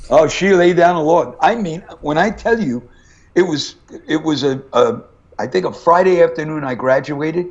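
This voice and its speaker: A man's voice: fairly high pitch, moderate pace, highs cut off. An older male singer chatting as an interview guest, telling stories about his life and family. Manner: storytelling, animated when quoting family. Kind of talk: casual interview chat.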